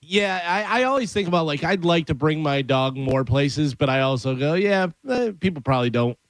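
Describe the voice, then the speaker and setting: A man's voice: on the high side, fairly quick, no echo. Male radio co-host in casual banter. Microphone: studio mic.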